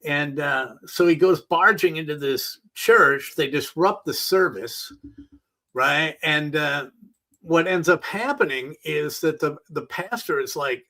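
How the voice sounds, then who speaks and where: A man's voice: on the high side, slow, bright, forceful tone, rough recording. A middle-aged man hosting a solo talk show, ranting in an exasperated, sarcastic and profane way. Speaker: podcast host. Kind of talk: opinionated solo rant.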